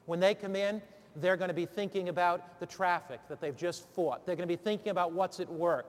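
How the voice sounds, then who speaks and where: A man with a high voice walks fellow preachers through a sermon, then breaks into preaching. He rouses the listeners with call-and-response questions. His voice rings on in a big hall with a long reverb. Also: fairly quick. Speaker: preacher training other preachers. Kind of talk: sermon-preparation instruction turning into preaching.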